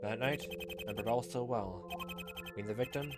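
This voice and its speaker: A man's voice: on the low side, a little fast, natural voice. A man voicing a subdued male art dealer giving a resigned confession, over game music.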